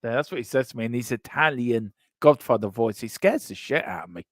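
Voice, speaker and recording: A man co-hosting a casual fan chat show, reading out comments in an animated, joking way and repeating himself for emphasis. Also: mid-range voice, fairly quick, no room sound, studio quality. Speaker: co-host of a fan channel show.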